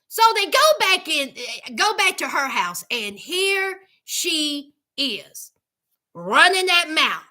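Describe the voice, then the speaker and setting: A woman's voice: sits high, sing-song, takes it slowly, sharp tone. A woman hosting a casual recap vlog, sassy and dramatic, talking back at the people she discusses. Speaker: YouTube recap host. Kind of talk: casual reality TV recap commentary.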